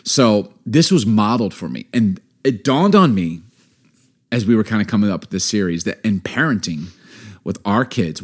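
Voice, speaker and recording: A middle-aged man co-hosting a podcast, telling a story in casual chat, animated and emphatic, laughing often. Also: on the low side. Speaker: podcast co-host.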